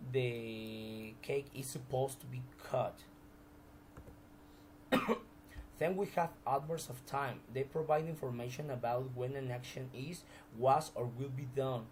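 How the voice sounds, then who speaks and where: A man's voice: mid-range voice, measured pace, darkish tone, a little hiss or hum, low-quality recording. A man teaching a recorded grammar lesson, explaining examples step by step with frequent restarts.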